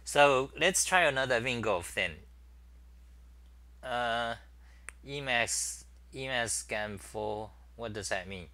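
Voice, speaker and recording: A man's voice: mid-range voice, slow, pushed and bright. A middle-aged man hosting a casual live-stream chat, rambling and thinking aloud with many fillers while he types at his desk. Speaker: talk show host.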